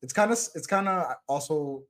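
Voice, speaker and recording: A man's voice: fairly high pitch, a little fast. A man co-hosting a podcast, chatting casually with loose filler words. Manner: relaxed, lots of "like" fillers. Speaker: podcast co-host. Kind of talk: casual recap chat.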